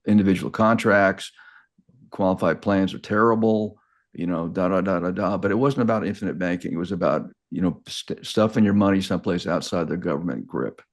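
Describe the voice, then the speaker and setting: Older male guest, very low voice, rambling halting storyteller who restarts mid-sentence; casual, unpolished delivery. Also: darkish tone. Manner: halting, repeats words and restarts often.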